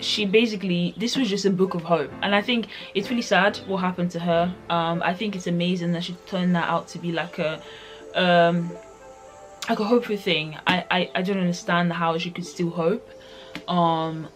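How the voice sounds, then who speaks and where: A woman's voice: lowish voice, steady tone, normal speed, faint music behind. A woman giving a casual book review vlog, rambling with lots of "like" fillers. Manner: rambling, heavy use of "like".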